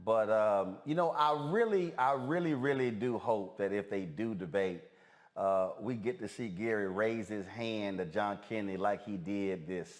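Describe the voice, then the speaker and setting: A man's voice: lowish voice, normal speed. A man hosting a podcast, talking casually with many fillers and restarts as he introduces clips. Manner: hesitant, full of fillers and restarts. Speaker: podcast host. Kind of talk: casual commentary.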